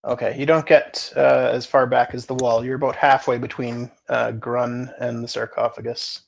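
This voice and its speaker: A man's voice: mid-range voice, flat delivery, moderate pace, vocal fry. A man running a tabletop game as game master, matter-of-fact and asking about the rules.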